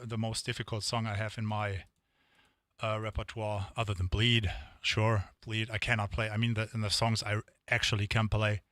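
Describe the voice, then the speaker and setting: A man's voice: medium pitch, bright, forceful tone, no echo, clean studio sound. A man streaming drum sessions, chatting casually and rambling to viewers between songs. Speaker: drumming live streamer.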